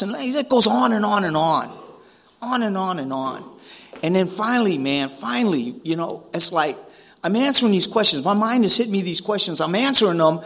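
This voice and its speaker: A man's voice: sits high, sing-song, a little fast, a bit bright. A man from San Francisco giving a personal recovery talk, speaking casually with street slang, often saying "man" and acting out dialogue.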